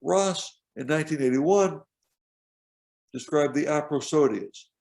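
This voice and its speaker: A professor with a gravelly, slightly creaky, somewhat high and darkish voice delivers a lecture over a video call. He explains things at a measured pace, pausing while pointing out details on his slides.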